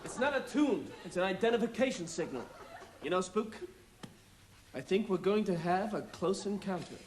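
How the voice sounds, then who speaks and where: A man's voice: high voice, lively intonation, moderate pace, background noise. A man performing a blustering starship captain in a stage comedy sketch, barking orders. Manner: blustering, exclaiming, commanding. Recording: echoey studio, loud audience laughter.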